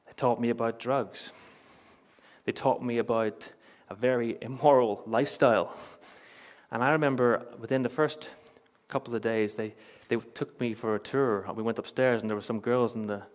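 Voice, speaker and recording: A man's voice: mid-range voice, fairly even intonation, moderate pace. A young man preaching a sermon in a church, telling personal stories with earnest, emphatic repetition and light chuckles. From Northern Ireland.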